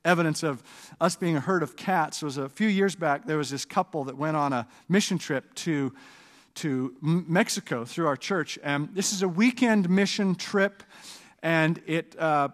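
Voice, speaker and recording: High-voiced man preaching in a reverberant hall. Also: moderate pace. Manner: conversational, animated preaching with asides to the congregation. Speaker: pastor. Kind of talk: sermon. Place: church sanctuary.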